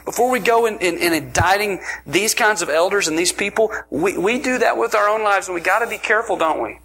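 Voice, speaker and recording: A man preaching a sermon in an energetic, emphatic way, often repeating words as he builds his point. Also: high-pitched, brisk, slightly rough, rough recording.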